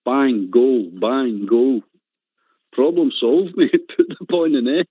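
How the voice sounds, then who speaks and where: A man's voice: medium pitch, expressive, slow, breathy edge, dry recording. Scottish man, caller, passionate rant, tinny phone line, dry sound. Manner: passionate, ranting, laughs often.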